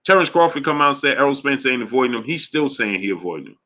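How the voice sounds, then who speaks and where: A man hosting a boxing livestream, talking casually to his chat in an animated, emphatic way, often repeating himself. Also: medium pitch, quick pace. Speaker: boxing show host.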